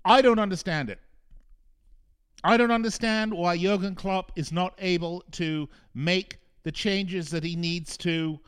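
A man's voice: high voice, a little slow, clear, resonant tone. A male soccer radio host giving a frustrated, emphatic talk monologue, repeating phrases for punch. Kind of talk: opinionated sports talk monologue.

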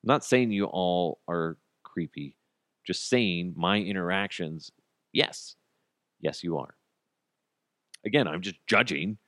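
A man in his thirties hosting a solo comedy podcast, ranting in an animated, self-mocking way and jumping into quick impressions. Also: low voice, no room sound, clean studio sound. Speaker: podcast host.

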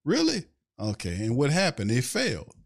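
At a moderate pace and medium pitch, a man runs a casual sports fan podcast, launching into an animated rant. Rhetorical questions tumble out one after another, and he pauses to take questions viewers post in chat.

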